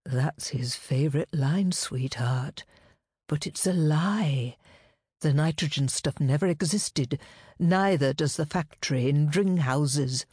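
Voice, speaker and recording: A husky, sensuous woman, as a narrator puts her on, drawling slow and low with a knowing, quietly threatening edge. Her voice sits deeper than the storyteller's already low speaking voice. It is a storybook figure, read in a dry, close recording. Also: no echo, full character voice. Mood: sultry menace. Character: husky sultry woman, brassy, menacing.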